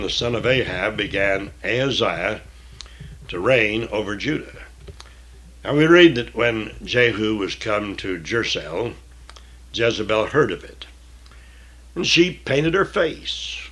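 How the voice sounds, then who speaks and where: A man's voice: medium pitch, a bit bright. A man reading a Bible passage aloud and stopping now and then to explain it in plain words. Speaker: Bible teacher.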